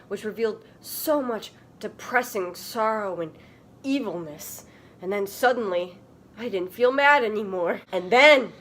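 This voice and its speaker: A woman reading a fan story aloud for comedy, laughing and shouting the quoted lines. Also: fairly high pitch. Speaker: comedy reader. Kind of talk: dramatic comic reading aloud.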